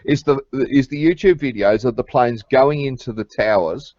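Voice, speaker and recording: An Australian man, a bit drunk and slurring, chatting casually in an online group call with a halting, rambling manner. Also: medium pitch, darkish tone, dry recording, highs cut off. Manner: rambling, halting, laughs at own jokes. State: tipsy, slightly slurring.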